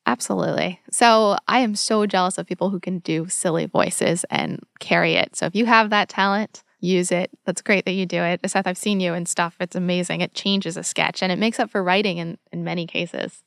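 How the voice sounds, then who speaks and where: A woman comedy writer on a podcast, talking about sketch writing in a warm, direct and encouraging way. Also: fairly low pitch, steady tone, moderate pace, gravelly, hardly any pauses, smooth, no echo, studio quality. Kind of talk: casual discussion of sketch comedy.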